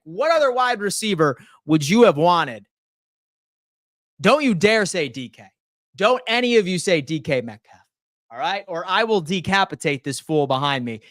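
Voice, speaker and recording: Man, rowdy stream host, somewhat high voice, dry close sound. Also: no echo. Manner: rowdy, teasing, swears, swings from loud rants to quiet asides. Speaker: host of a live sports stream. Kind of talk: live-stream chat reacting to viewers.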